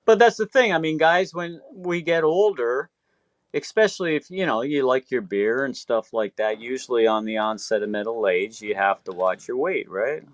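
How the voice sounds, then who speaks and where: A man's voice: medium pitch, moderate pace, no echo. A man in his sixties telling stories in casual chat, swearing freely and acting out what people said. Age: 60s. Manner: profane, animated storyteller acting out quotes.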